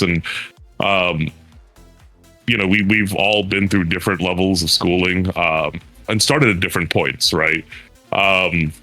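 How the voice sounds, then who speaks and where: A man's voice: low-pitched, bright, forceful tone, no echo. A man in a casual panel chat, rambling with many fillers and now and then mimicking others for laughs. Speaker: panel guest.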